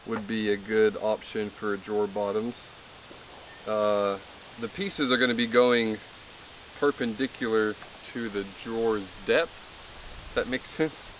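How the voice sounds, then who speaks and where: A man's voice: on the low side, recorded from a distance, a little hiss or hum, rough recording. A man in a boatbuilding vlog chatting casually about materials in an easygoing, joking way. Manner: easygoing, laughing, joking self-talk. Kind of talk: casual workshop chat.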